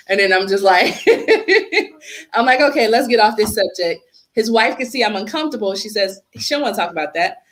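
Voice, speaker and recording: Woman in her 30s on a podcast, storytelling, mid pitch, lots of quoting voices. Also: a little fast. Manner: animated storytelling with acted-out quotes. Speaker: podcast guest. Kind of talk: casual chat.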